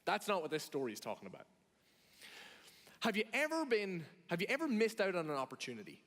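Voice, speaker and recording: A man's voice: sits high, wildly swooping pitch, fairly quick, fairly bright tone. A man preaching a sermon in a conversational way, asking the audience questions and acting out reactions. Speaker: pastor. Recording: long hall reverb.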